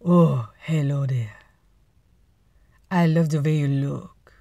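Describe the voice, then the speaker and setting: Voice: medium pitch, takes it slowly, dark tone, no echo. A vlogger voicing a flirty, cartoonish French charmer in an exaggerated fake French accent, suave and over the top.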